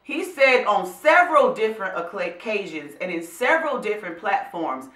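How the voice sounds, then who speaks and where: A woman vlog host who speaks professionally, giving a motivational talk to camera in a preachy, animated way. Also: mid-range voice, moderate pace, hardly any pauses, reverberant. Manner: animated, preachy, addresses viewers as y'all and honey.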